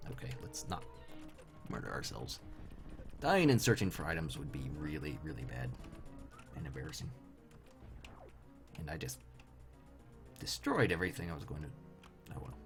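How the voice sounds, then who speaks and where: A tired young man chatting wryly with viewers while streaming a game. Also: extremely low pitch. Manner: chatty, wry, talks to chat viewers. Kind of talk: casual live-stream commentary while playing. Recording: faint background game music.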